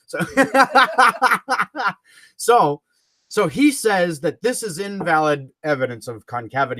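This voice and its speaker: A man rants through a livestream in a combative, mocking tone, cursing and chuckling as he goes. His pitch swings widely and freely. The recording is close and dry. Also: expressive, takes it slowly, pushed and bright, dry recording. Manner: combative and mocking, swearing, chuckling between jabs. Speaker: livestream host. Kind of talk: ranting livestream commentary.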